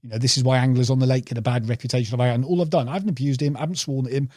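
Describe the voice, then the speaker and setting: A man's voice: medium pitch, steady tone, very fast, mellow, no room sound, studio quality. A man telling rambling fishing anecdotes as a podcast guest, calling the host "mate". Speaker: podcast guest, carp angler. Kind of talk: casual storytelling interview.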